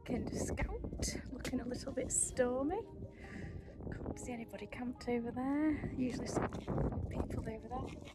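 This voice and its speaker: A woman's voice: on the high side, normal speed. A young woman chats and narrates as she hikes solo over rocky moorland to wild camp, joking about herself and laughing often. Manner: chatty, self-deprecating, laughs often. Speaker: solo wild camping vlogger. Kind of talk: casual outdoor vlog narration. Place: outdoors on rocky moorland hills. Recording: loud background music.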